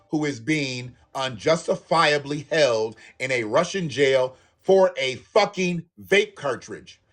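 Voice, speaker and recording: A man's voice: a little high, fairly bright tone. A man delivering an angry, profane, repetitive rant as a YouTube commentator. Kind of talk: angry ranting monologue.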